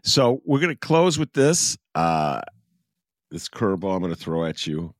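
Male interviewer, rambling and chatty, lively deep voice. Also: normal speed, no room sound, clean studio sound. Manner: chatty, rambling, self-described obsessive. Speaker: podcast host. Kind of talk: casual interview.

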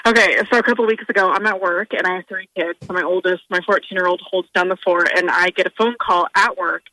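Female caller on a phone line, bright sharp voice, dry sound. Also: fairly low pitch, fast talker, no echo. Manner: animated, exasperated storytelling. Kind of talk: telling a story on a phone-in.

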